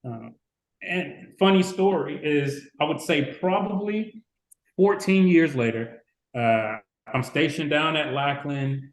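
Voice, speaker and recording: Guest, man in his 40s, from Chicago, lively storyteller, slightly high voice, echoey room. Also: slow pace. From Chicago, USA. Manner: lively anecdote-telling, acting out quoted people. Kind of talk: casual storytelling interview. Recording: roomy echo.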